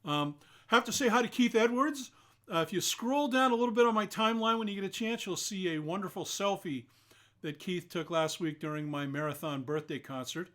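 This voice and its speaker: A man's voice: high-pitched, a little fast, fairly bright tone. An older man hosting a live online concert, chatting casually between songs and greeting viewers by name. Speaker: singer-songwriter hosting a live stream concert.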